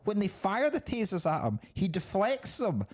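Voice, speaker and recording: A man's voice: high-pitched, huge pitch swings, normal speed. A man hosting a podcast, chatting casually about a film in a sweary, incredulous way. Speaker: podcast host. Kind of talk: casual film-review chat.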